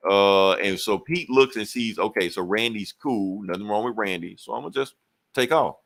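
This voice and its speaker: Laid-back man retelling a comic, low voice. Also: vocal fry. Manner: animated retelling with quick voices for characters; profane, loose and conversational. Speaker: podcast co-host. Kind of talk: casual comic book recap.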